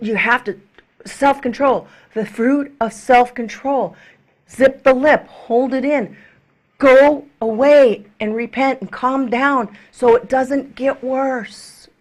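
Middle-aged lady minister preaching, kinda high voice, animated, acts out people, goes quiet and whispery sometimes. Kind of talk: preaching to a congregation.

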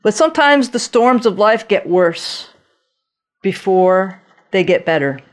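A woman preaching a sermon, telling Bible stories in an animated way and acting out the voices of the people in them. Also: mid-range voice, measured pace. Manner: animated storytelling, acting out voices of biblical figures.

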